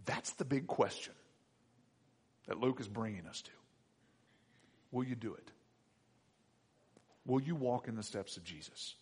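Husky preacher in a reverberant church. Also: male voice, mid-range voice, a little slow, long pauses. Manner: swings from hushed to loud and excited. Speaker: pastor. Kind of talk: sermon. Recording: long hall reverb.

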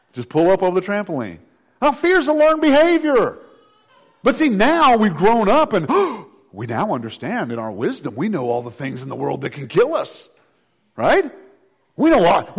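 Animated preacher, man. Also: breathy edge. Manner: swings from hushed low intensity to loud animated preaching. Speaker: pastor. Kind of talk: sermon.

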